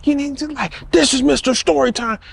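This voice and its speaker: A man putting on a loud, bossy woman on a date. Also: extremely high pitch, vocal fry, voice pushed up. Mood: demanding. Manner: bossy, confrontational, rapid-fire.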